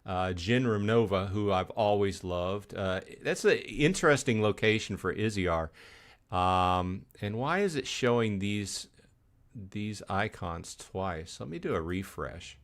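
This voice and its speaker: A man's voice: on the low side, animated, unhurried. A man hosting a casual gaming live stream, rambling with many fillers and restarts as he reads chat.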